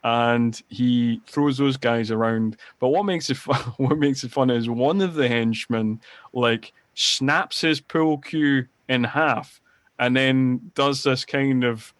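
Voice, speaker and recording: Male podcast co-host, medium pitch, dry close sound, rambling animated retelling of film scenes. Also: slow, no echo. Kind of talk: casual film-review chat.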